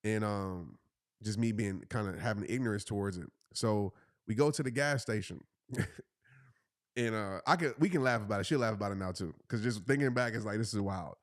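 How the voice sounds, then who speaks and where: Animated man telling a story. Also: a little fast, no room sound, studio quality. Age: 30s. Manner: animated storyteller, jumps into high voices for quoted people. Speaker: host. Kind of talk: casual storytelling.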